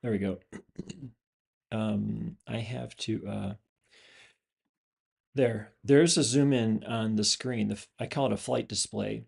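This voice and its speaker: Gravelly-voiced man explaining things casually. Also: fairly low pitch, takes it slowly, pauses often. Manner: rambling, many fillers and restarts. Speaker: channel host, former pilot and flight instructor. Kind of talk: casual explanation over a screen display.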